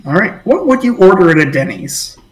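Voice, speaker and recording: A man's voice: high-pitched, very animated, brisk, echoey room, low-quality recording. A man narrating as game master, rambling with many fillers.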